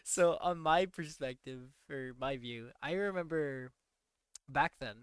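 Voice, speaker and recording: A man's voice: fairly high pitch, a little slow, smooth, dry recording. A young man co-hosting a podcast, laid-back and casual, swearing often with filler words. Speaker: podcast co-host. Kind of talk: casual chat.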